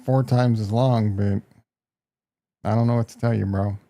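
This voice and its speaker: A man's voice: fairly low pitch, steady tone, moderate pace, mellow. A man with a Midwestern American accent hosting a casual live stock market stream, brash and joking as he reacts to prices and talks to his chat. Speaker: market livestream host.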